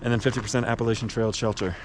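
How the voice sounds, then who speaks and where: A man's voice: mid-range voice, flat delivery, racing. A young man and thru-hiker, rambling in a laid-back, filler-heavy way as he narrates a hiking vlog outdoors. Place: outdoors on a mountain trail by a highway. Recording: outdoor noise, traffic and wind.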